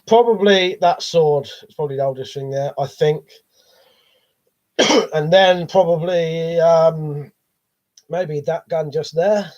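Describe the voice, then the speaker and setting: A man's voice: a little high, slow pace, long pauses, darkish tone. A man with a cold, coughing as he hosts a live stream, reading viewer chat in a rambling, sweary, hesitant way. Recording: dull lo-fi stream audio.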